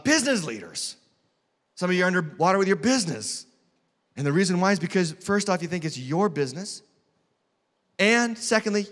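Bright-voiced preaching pastor. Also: male voice, high voice. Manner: emphatic preaching, swinging from loud to hushed. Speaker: lead pastor. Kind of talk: sermon. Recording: long hall reverb.

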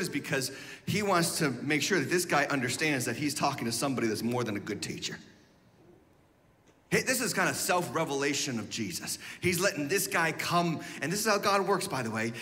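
Male pastor, high bright voice, animated sermon with shouts and hushed asides, reverberant hall. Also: fairly quick, a little hiss or hum. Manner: animated, swings from shouted emphasis to hushed asides, leads call-and-response.

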